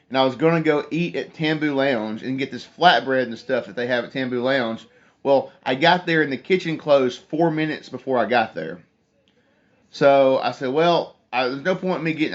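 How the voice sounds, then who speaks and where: A young man, hosting a casual phone livestream, telling a rambling story and reading viewer comments aloud. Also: on the high side. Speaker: livestream host. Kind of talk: casual live chat with viewers. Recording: dull lo-fi phone stream audio.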